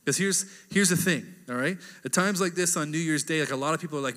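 A man's voice: on the high side, quick pace, few pauses, fairly bright tone. A man in his thirties preaching a casual, conversational sermon, often asking "right?" as he talks. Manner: chatty, keeps asking "right?". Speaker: pastor. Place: church hall. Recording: reverberant church hall.

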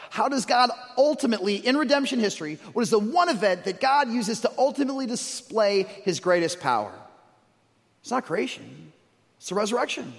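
A man preaching a sermon as pastor, animated, moving from loud storytelling to hushed emphasis. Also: sits high, a little fast, vocal fry, in a large hall.

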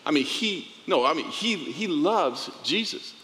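A man speaking about an old friend, halting and repeating words as he searches for them. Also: a little high, lively intonation, bright, forceful tone. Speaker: guest, longtime friend of the pastor. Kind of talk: heartfelt tribute. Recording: long hall reverb, faint ambience.

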